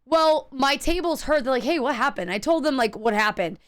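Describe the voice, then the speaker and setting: A woman streamer chatting casually while gaming, telling stories in a profane, animated way and acting out the people in them. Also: high-pitched, normal speed. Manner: acts out quoted people in her stories.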